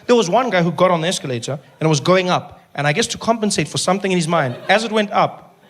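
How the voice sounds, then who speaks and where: A man performing animated stand-up storytelling on a comedy stage. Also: sits high, fast talker.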